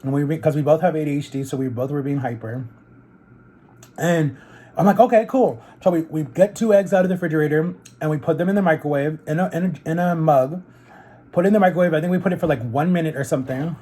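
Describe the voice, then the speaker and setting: Eating on camera between sentences, a man vlogs in a casual, rambling storytelling style, leaning heavily on fillers like "like" and "literally." His voice is a little high and mellow, and he talks fast.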